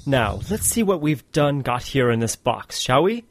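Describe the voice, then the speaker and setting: A man voicing an earnest, heroic hunter with a steady, slightly formal delivery while reading a storybook aloud. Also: medium pitch, normal speed, no room sound.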